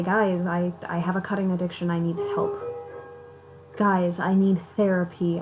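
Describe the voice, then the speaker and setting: A woman's voice: fairly low pitch, flat delivery, moderate pace, music in the background, rough recording. Raw, swearing young woman confessing. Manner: raw, emotional, heavy swearing; repeats phrases, breaks off mid-sentence. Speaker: vlogger. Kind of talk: confessional vlog to viewers.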